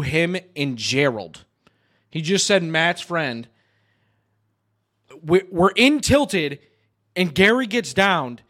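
A man co-hosting a podcast, swapping rowdy gaming stories with friends and shouting out the lines of angry teammates. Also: high voice. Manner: swears a lot, acts out yelling friends. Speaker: podcast co-host. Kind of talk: casual chat.

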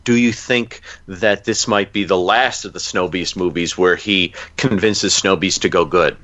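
A man's voice: sits low, steady tone, measured pace, bright, forceful tone, muffled recording. A man co-hosting a podcast, reading out a listener's story idea and joking along with his co-host. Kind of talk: reading a fan entry, then casual chat.

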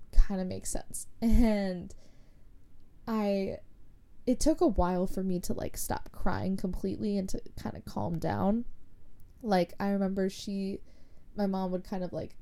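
A woman's voice: medium pitch, steady tone, moderate pace, creaky, dark tone. A young woman casually telling a personal story, rambling with lots of filler words. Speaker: podcast host.

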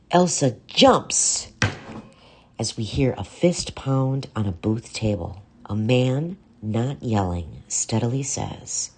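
Narrator: earnest, measured woman, very low and husky. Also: animated, a little mellow. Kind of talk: first-person story reading.

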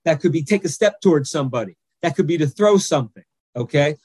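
A man's voice: fairly high pitch, animated, quick pace, a little mellow, husky, dry recording. A man, an anger management coach, explaining his method step by step on a podcast and checking in with "okay?" again and again.

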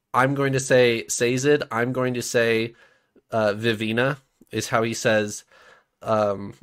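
A man's voice: on the low side, a bit bright. A man co-hosting a podcast, chatty and explanatory, stammering a little as he corrects pronunciations. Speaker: podcast co-host. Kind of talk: casual chat.

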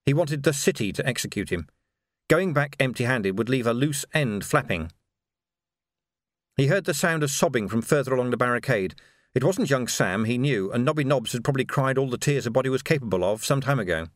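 Recorded at studio quality with no audible room sound, this male audiobook narrator keeps his storytelling steady and deliberate in a mid-range voice.

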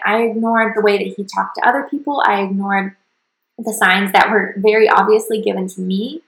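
A woman's voice: medium pitch, vocal fry, a bit bright, echoey room, rough recording. A woman hosting her own podcast, telling her personal story in an earnest, confessional way. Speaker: podcast host.

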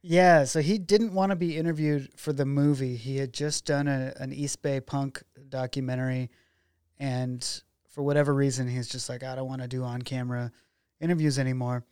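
A man's voice: medium pitch, normal speed, smooth, no echo, studio quality. A man, a documentary filmmaker guest, chatting casually in an interview and acting out the dialogue in his stories. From Oregon. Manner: animated storyteller who acts out quoted dialogue.

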